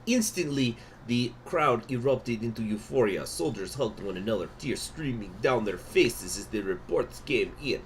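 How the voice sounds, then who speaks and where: A man's voice: medium pitch, lively intonation, normal speed, few pauses, slight background noise, lightly acted. A man reading game event text aloud in a put-on Russian accent, in a theatrical storytelling manner. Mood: dramatic.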